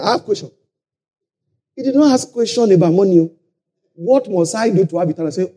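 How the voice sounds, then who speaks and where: A man preaching a sermon at a church conference, swinging between shouted lines and low asides and repeating phrases. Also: lively intonation, fairly quick, long pauses, husky.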